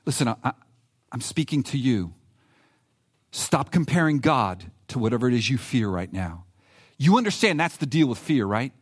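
A pastor preaching a sermon in an animated, conversational way, reading scripture aloud with emphasis. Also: male voice, mid-range voice, normal speed, slightly rough.

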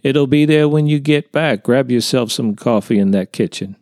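In a storybook reading, a man lightly acts the part of a genial Southern neighbor, a retired counselor, with a folksy drawl. He pitches the character above his own mid-range, slightly mellow voice, at a moderate pace, with studio-quality sound and no room tone.

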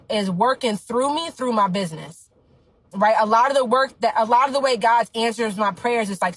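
Husky high-voiced woman coach hyping her audience. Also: a bit bright, rough recording. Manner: emphatic, preachy, slangy. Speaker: business coach. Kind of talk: motivational talk to her audience.

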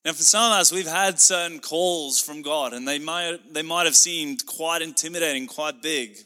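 Male pastor preaching with passion, slightly high, bright, forceful delivery. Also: normal speed, in a large hall. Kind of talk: sermon.

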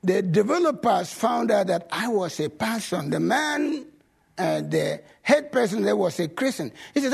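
A male pastor telling stories in a sermon, animated and swinging from loud bursts to low asides. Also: unhurried, vocal fry, slightly rough. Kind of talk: sermon storytelling.

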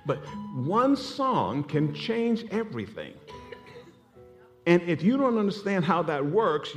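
Male pastor, lively storytelling sermon, music playing underneath. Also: a little high. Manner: storytelling preacher, animated, laughing asides.

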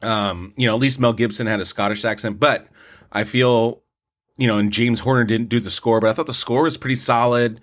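A man co-hosts a casual movie review podcast, his voice sitting at an everyday middle pitch. He talks in a loose, rambling way, often restarting his sentences, and he offers his opinions freely. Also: fairly even intonation, brisk. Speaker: podcast co-host, film reviewer.

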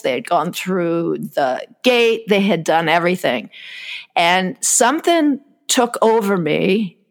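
A woman speaks at a slow, drawn-out pace, telling her own stories in an easygoing chat. She laughs now and then and lets her sentences trail off. Her voice sits at an ordinary middle pitch. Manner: unhurried storytelling, laughs often, trails off. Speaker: guest telling personal stories. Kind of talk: casual chat.

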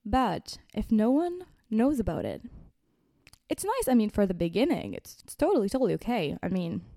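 Warm chatty young woman podcaster. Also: mid-range voice, moderate pace, dry recording, clean studio sound. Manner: chatty and expressive, many "like"s, addresses listeners as "guys". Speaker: podcast host. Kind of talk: casual motivational self-help talk.

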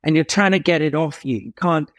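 Speaking as a guest in an interview, a man from England spins an animated tale, pausing for drama and swinging his pitch emphatically. The sound is clean studio audio without any echo.

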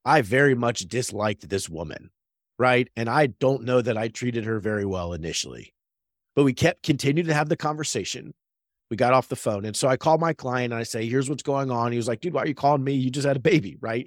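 A man's voice: mid-range voice, dry recording. Man, thirties, podcast co-host. Earnest, conversational storyteller, mid-range voice, dry close-mic sound. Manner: earnest storytelling, frequent "right?" tags. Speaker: real estate agent and podcast co-host. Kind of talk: casual faith-based business podcast chat.

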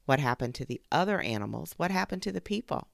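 Gravelly storyteller host reading a kids fable, dry sound, acts out the noises. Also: mid-range voice, no room sound. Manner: slow, expressive read-aloud with sound effects. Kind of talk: storybook narration for children.

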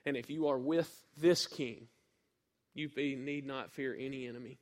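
A man from northeast Mississippi with a Southern accent, preaching a sermon and telling a folksy story with sudden loud bursts. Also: mid-range voice, fairly even intonation, moderate pace.

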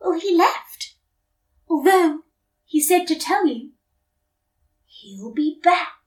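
A woman's voice: very high voice, lively intonation, takes it slowly, reverberant, recorded from a distance, voice pushed up, full character voice. A woman voicing a shaky, silly old queen in a children's story. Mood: relieved.

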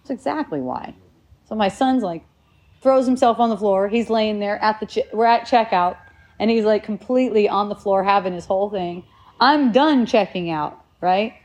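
A woman in her forties telling a story casually, animated, laughing often and restarting her sentences. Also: medium pitch, normal speed. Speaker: parent sharing a story.

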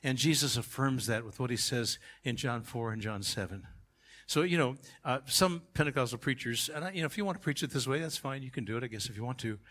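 A male pastor preaching a sermon, emphatic, swinging from quiet asides to shouted climaxes. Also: medium pitch, fast talker.

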